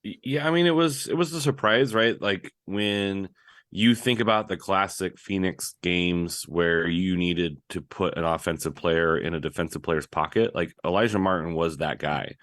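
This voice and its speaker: Deep-voiced guy on a soccer podcast, dry sound, rambles through his takes with lots of "like" and "right". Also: moderate pace, fairly bright tone, no room sound. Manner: rambling analysis with many fillers like "right?" and "like". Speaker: podcast co-host. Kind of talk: casual sports podcast chat.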